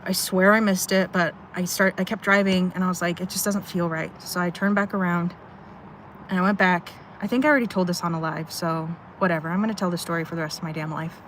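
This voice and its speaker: A woman's voice: lowish voice, fairly even intonation, fast, fairly bright tone, slight background noise. A young woman telling a story to her live chat in a rambling, emotional way, swearing often, from a parked car at night. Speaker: livestreamer.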